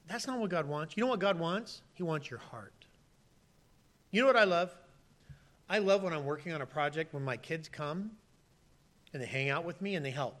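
The high-pitched voice belongs to a pastor, likely in his thirties, giving a lively sermon. He performs pleading voices in sudden loud bursts, then drops into quiet asides.

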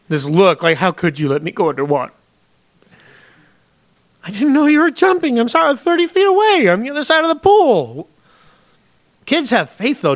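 A man's voice: high-pitched, a bit bright. A man, a pastor, preaching a conversational sermon, often acting out pleading prayers to God and addressing the congregation as folks.

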